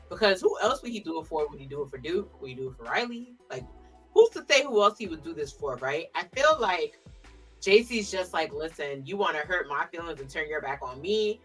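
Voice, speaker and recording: A woman's voice: on the low side, far from the mic. A woman co-hosting a podcast, chatting casually and emphatically about last week's matches, full of slangy asides. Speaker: podcast co-host. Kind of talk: casual wrestling recap chat.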